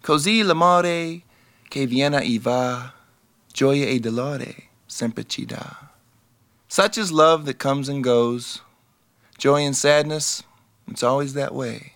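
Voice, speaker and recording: A man's voice: mid-range voice, slow, fairly bright tone, dry recording. An actor playing a reflective male radio DJ who muses about love and recites a verse. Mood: musing. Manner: reflective, recites a verse in Italian then translates. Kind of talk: scripted TV drama dialogue.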